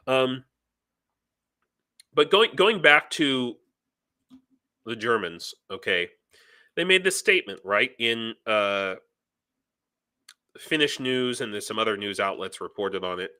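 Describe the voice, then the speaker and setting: A man hosting a live news stream, talking in a heated, ranting way and reading viewer comments aloud. His voice is bright and forceful. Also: mid-range voice. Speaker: livestream news host.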